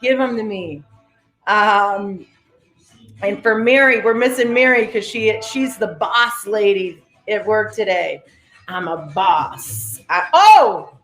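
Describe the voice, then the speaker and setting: A woman's voice: mid-range voice, slow, a bit bright. Woman, guided breathwork coach, commanding and upbeat, roomy room, faint music behind. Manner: motivational, commanding, repeats cues. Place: live-streamed session in a roomy space.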